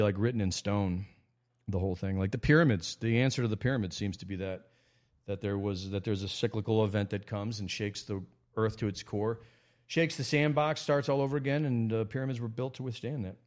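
A man from America hosting a casual livestream monologue, rambling with frequent restarts and sudden jumps in pitch. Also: fairly quick, darkish tone. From United States. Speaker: host.

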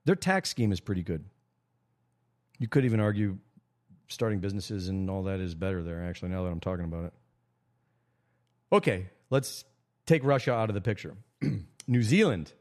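A man from America hosting a casual livestream monologue, rambling with frequent restarts and sudden jumps in pitch. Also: expressive, normal speed, long pauses, darkish tone. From United States. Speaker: host.

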